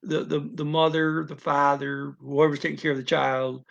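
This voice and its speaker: Male teacher, raspy fry in the voice, pitched a bit up; loose, rambling explainer who acts out examples. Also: level tone, moderate pace, highs cut off. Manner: rambling, repetitive, with frequent restarts and asides; acts out what a parent or a baby's mind says. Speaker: language-learning teacher. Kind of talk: unscripted explanatory talk.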